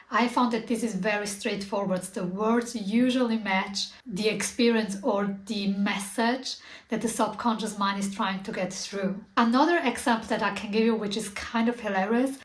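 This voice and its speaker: Earnest woman talking in an echoey room. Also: medium pitch. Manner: earnest, searching, many fillers and restarts. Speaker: spiritual content creator. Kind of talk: reflective personal talk to camera.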